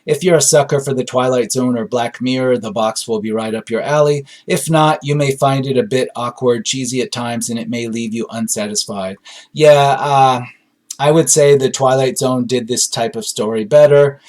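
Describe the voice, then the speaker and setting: A man's voice: mid-range voice, moderate pace, a little mellow. Rambling man reviewing a film. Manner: rambling, frequent fillers and hedges. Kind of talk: casual solo review, reading reviews aloud.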